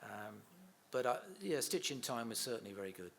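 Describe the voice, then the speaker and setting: A man's voice: medium pitch, expressive, brisk, fairly bright tone, a little hiss or hum. Chatty middle-aged man telling anecdotes. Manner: chatty storyteller, laughs often, acts out quotes. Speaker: interviewee, son of a comedian. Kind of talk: anecdotal interview chat.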